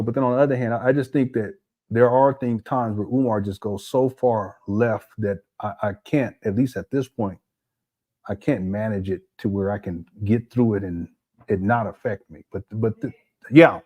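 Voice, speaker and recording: A man's voice: mid-range voice, moderate pace, warm tone. A man hosting a casual commentary video, laughing and making mocking asides. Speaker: commentary host.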